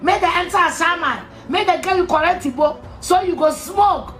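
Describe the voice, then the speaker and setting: A Ghanaian woman in a heated, insulting rant, repeating herself and shouting at times. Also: extremely high pitch, normal speed. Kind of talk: angry rant to camera. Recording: echoey room with faint music.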